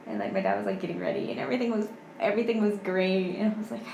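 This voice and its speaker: A young woman in her twenties, a podcast guest chatting casually and softly, with lots of "like". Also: mid-range voice, fast, creaky, roomy sound, lo-fi sound, a little hiss or hum. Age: 20s. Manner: soft-spoken, heavy use of "like". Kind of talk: casual chat.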